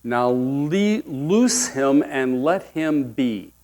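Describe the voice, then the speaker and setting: A man voicing Jesus in a sermon retelling, calm and offhand in manner. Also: medium pitch, extremely slow.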